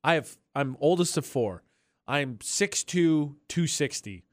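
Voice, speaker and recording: A man's voice: fairly high pitch, takes it slowly, no room sound. A man hosting a radio morning show, telling stories with lots of laughter in a studio. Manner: animated storyteller, laughs often. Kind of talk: casual radio banter. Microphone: studio mic.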